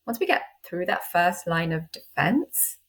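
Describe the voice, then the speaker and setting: A woman's voice: on the low side, animated, measured pace, fairly bright tone. A woman who works as a medical doctor and life coach, speaking as a guest in a casual podcast conversation and acting out her own inner voice.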